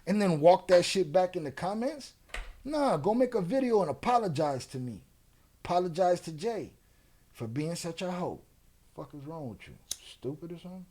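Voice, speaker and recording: Male host, heated reaction commentary, mocking and profane, higher pitch. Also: darkish tone. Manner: profane, mocking, talks back at the clip. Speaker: podcast host reacting to clips.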